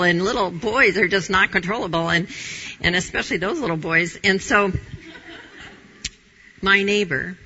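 On a talk show, a middle-aged woman shares her candid Christian testimony, telling her story with animation and laughing often. Her voice is medium-pitched and bright with a forceful tone, delivered at a moderate pace, though the audio sounds dull.

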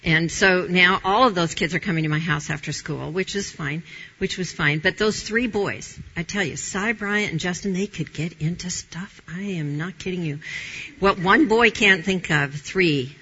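A middle-aged woman shares a candid Christian testimony, her husky voice pushed hard and tense. She tells her story in a lively way and laughs often. The recording sounds a little dull and lo-fi. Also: lowish voice, normal speed. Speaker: guest sharing testimony.

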